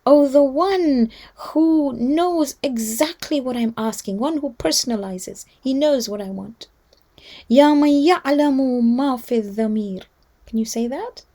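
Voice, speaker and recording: A woman telling a devotional story to children, heartfelt and often dropping into a hushed whisper. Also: high-pitched, normal speed. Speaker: storyteller at a children's religious gathering.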